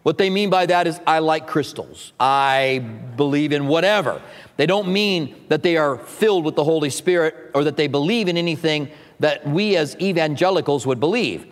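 A man's voice: a little high, moderate pace. Man preaching in a reverberant hall. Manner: conversational teaching with asides and humor. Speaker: pastor. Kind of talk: sermon. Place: church sanctuary.

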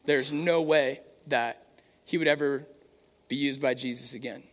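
A man's voice: medium pitch, fairly even intonation, measured pace. A man preaching a sermon in an earnest, conversational way, with fillers and restarts. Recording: long hall reverb.

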